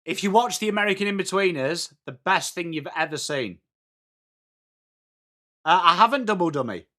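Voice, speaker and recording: A young English man hosting a live football watchalong, chatting excitably with viewers and calling out plays. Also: high-pitched, normal speed. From England. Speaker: watchalong stream host.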